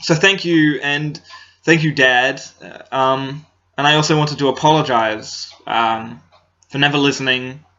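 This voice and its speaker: Young aussie guy rambling to his laptop cam, lots of ums, bright tense voice, muffled lo-fi sound. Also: medium pitch, fairly even intonation, a little slow. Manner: hesitant, many ums and restarts. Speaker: comedy vlogger. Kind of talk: casual talk to camera. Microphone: laptop built-in mic. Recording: dull lo-fi laptop mic.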